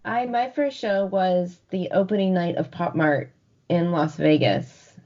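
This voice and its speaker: A woman's voice: fairly low pitch, unhurried. A woman in her forties, co-hosting a podcast and telling stories in a casual chat, often laughing. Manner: laughing, lively storytelling. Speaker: podcast co-host. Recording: dull lo-fi recording.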